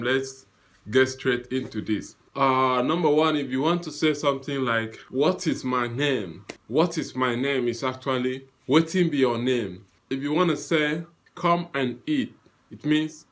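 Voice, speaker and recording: A man talks straight to his viewers in a casual lesson. His voice sits a little high for a man. He says each phrase, repeats it, then translates it. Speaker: language teacher.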